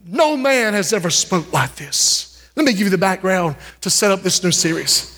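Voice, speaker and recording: A man's voice: high-pitched, expressive, normal speed, a bit bright. A man preaching a sermon, fervently calling out to his congregation as he builds his points. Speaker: pastor. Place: church sanctuary. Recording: reverberant church hall.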